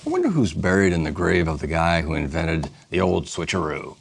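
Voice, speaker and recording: Man, talk show guest, low voice, wildly swinging pitch, playful, noisy audio. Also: big pitch swings, fairly quick, vocal fry. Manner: playful, self-deprecating, laughs at own jokes. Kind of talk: casual chat, reading jokes aloud.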